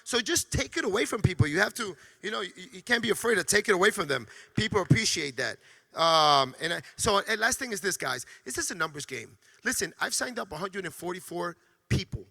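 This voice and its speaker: A man giving an energetic motivational training talk to a sales team, emphatic and often stammering on restarts. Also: high voice, fairly quick, gravelly.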